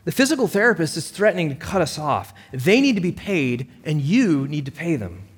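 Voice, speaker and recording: A man's voice: fairly high pitch, very animated, brisk, slightly rough, long reverb tail, voice pushed up. A man voicing a determined mother who confronts an insurance company with pointed, indignant questions. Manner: indignant, pressing, sharp questions.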